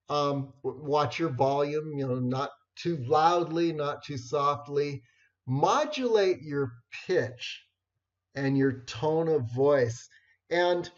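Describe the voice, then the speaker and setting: Slow, unhurried man presenting. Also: on the high side. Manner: unhurried, many fillers and restarts. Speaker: networking presenter. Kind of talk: informal talk on networking skills. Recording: dull lo-fi recording.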